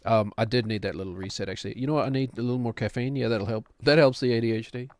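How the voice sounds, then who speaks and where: Male streamer, casual rambling chat, mid-pitched, dry close sound. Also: fairly even intonation, very fast, a little mellow, no room sound. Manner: rambling, self-deprecating, frequent fillers. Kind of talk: casual chat while gaming.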